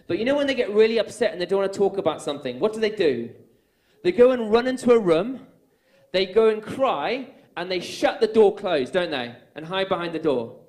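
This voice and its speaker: A man preaches a sermon with a fairly high voice, spinning personal stories. He speaks earnestly and climbs to loud, emphatic high points. The sound rings around an echoey room. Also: animated, a little fast. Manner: earnest storytelling that builds to loud, emphatic peaks.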